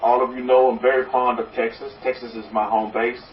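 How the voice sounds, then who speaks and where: At medium pitch with little movement and a fairly quick pace, the rabbi delivers his folksy, repetitive sermon, joking along the way and repeating a blessing refrain. A little hiss or hum sits in the background of this distant, roomy, dull recording.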